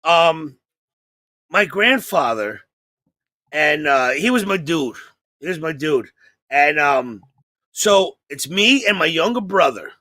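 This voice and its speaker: A man hosting a comedy podcast, telling a long story in an animated, profane way and acting out the people in it. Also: fairly high pitch, slow, pauses often, dry recording. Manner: animated, profane, acts out voices.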